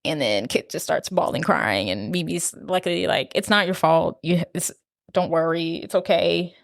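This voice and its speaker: A woman with a low, deep voice recaps a film in easy, casual podcast chat. She slips into the characters' lines as she tells it, heard close and dry with no room sound. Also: moderate pace, vocal fry, no room sound. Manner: animated retelling, acting out lines in quotes. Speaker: podcast co-host.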